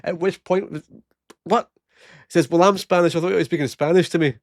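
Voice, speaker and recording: A man's voice: sits high, fairly even intonation, brisk, no echo, studio quality. A Scottish man in his late thirties telling funny work stories casually, laughing often and acting out the people he quotes. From Scotland. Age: 30s. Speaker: vlogger. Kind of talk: casual storytelling.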